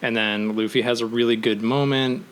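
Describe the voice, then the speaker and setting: A young man co-hosting a casual podcast, animated, laughing often and acting out quotes. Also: mid-range voice, moderate pace, clean tone. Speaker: podcast co-host. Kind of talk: casual chat.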